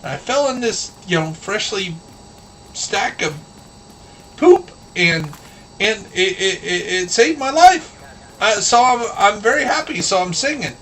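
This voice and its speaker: A man doing a squeaky happy little bird. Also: unhurried, far from the mic, a little hiss or hum. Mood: pleading. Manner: high squeaky excited voice. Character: cheerful little male bird, naive.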